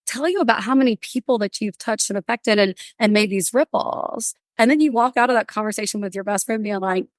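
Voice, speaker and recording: A woman guest on a podcast, animated and chatty, slipping into playful voices as she retells moments from her life. Her voice sits at an ordinary middle pitch and is recorded close and dry, with no room around it. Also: fairly quick, hardly any pauses, no echo. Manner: animated storyteller, acts out quotes. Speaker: guest, counselor. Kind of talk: casual conversational interview.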